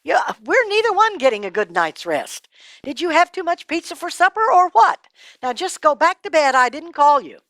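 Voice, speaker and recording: A woman voicing a weary, grumpy old male high priest who scolds and grumbles in a storytelling reading. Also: big pitch swings, moderate pace, a bit bright, dry recording, heavily acted. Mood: exasperated. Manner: exasperated, scolding.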